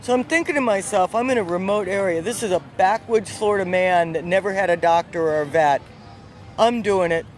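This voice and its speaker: A woman, not from the South, telling a personal story with lively, animated energy, outdoors on a city street. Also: medium pitch, a little fast, faint music behind. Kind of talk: casual spoken storytelling.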